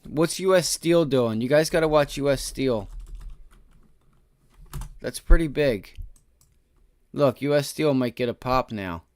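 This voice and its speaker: A man hosting a live day-trading stream, talking through charts and swinging between low frustrated muttering and loud swearing outbursts. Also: a little slow, long pauses, clean tone, no echo. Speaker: day trading livestream host.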